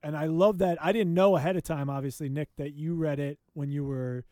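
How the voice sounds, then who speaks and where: A man's voice: a little high, steady tone, brisk, dark tone, no echo. A man co-hosting a remote podcast, talking animatedly about a book in casual chat, often restarting his phrases. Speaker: podcast co-host. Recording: dry close mic, remote call.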